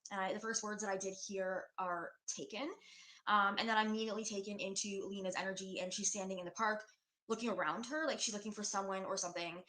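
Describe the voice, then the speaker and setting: A woman doing a psychic reading on a case, speaking earnestly with many pauses and fillers. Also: medium pitch, fairly bright tone. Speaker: psychic true-crime reader. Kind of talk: recorded video reading. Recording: echoey room.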